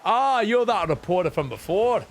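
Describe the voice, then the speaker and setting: A man's voice: sits high, expressive, moderate pace, slight background noise, pitched above the performer's own voice. A man doing a friendly, easygoing diver.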